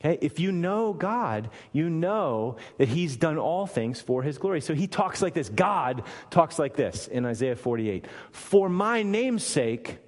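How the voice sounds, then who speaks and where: A man's voice: a little high, big pitch swings, unhurried, few pauses, long reverb tail. A man preaching a sermon, emphatic and full of rhetorical questions to his listeners.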